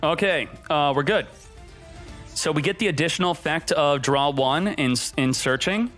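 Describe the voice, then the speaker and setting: A man streaming a card game, giving excited, jokey commentary and talking to himself as he plays. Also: on the high side, moderate pace, soft background music. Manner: hyped, jokey, talks to himself while playing. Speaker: gaming streamer.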